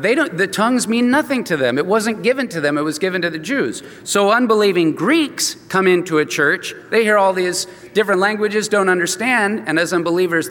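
A man's voice: sits high, fairly bright tone. Older male pastor preaching in a reverberant hall. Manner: conversational, acts out quoted dialogue. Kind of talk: expository sermon with storytelling. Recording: long reverb from a large hall.

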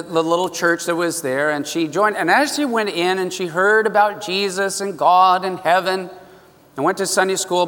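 A man's voice: high voice, a bit bright, long reverb tail. A man preaching a sermon, telling a story earnestly and with emphatic repetitions.

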